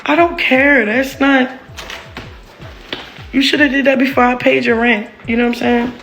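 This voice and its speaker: A woman's voice: sits high, level tone, moderate pace, fairly bright tone, soft background music. A woman venting about her relationship in a candid, rambling monologue, heated and full of swearing and "like". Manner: rambling, heated, profane, heavy use of "like".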